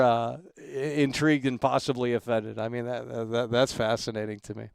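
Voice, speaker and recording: With a mid-range voice that barely moves in pitch, some vocal fry, and a smooth, normal-speed delivery with few pauses, a man runs a casual livestream talk show. He gives emphatic shout-outs built on repeated catchphrases and meanders through opinions, full of restarts and fillers, on a dry recording.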